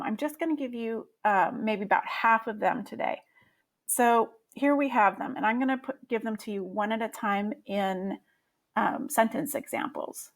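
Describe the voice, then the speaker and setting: Woman teaching grammar, somewhat high voice. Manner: friendly and explanatory, with many fillers. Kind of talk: grammar lesson.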